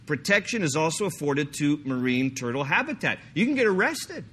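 A man preaching a sermon, animated and joking, slipping into mock voices to make his point. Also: a little high, a little fast, a little hiss or hum. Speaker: pastor.

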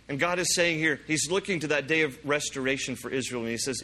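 A man preaching a sermon, reading scripture aloud with emphasis and slowing down for the verses. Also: on the high side, pushed and bright. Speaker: pastor.

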